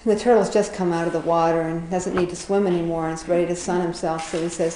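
A woman's voice: on the low side, steady tone, fast talker, warm tone, a little hiss or hum. A woman casually retelling an animal fable, rambling with fillers and chuckling as she goes. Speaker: storyteller. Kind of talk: casual storytelling. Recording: roomy echo.

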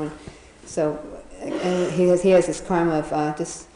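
A woman's voice: low voice, flat delivery, normal speed, hardly any pauses, warm tone, echoey room, a little hiss or hum, rough recording. A woman casually retelling a children's fable, chatty, often laughing, with many fillers and restarts. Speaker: storyteller.

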